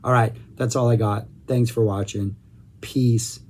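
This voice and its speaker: A man's voice: mid-range voice, fairly even intonation, a little slow, darkish tone. Chatty enthusiastic man reviewing music. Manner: enthusiastic, rambling, self-correcting.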